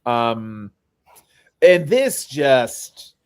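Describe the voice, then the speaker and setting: A man's voice: medium pitch, big pitch swings, drawn-out words, smooth. A man hosting a podcast in casual chat, getting heated and stammering over his words when angry. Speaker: podcast host.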